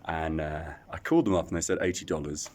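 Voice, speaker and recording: At an echoey outdoor spot, a man talks to camera for a casual travel vlog, rambling with fillers and poking fun at himself. His voice is a rumbling low, fast, and a bit mellow.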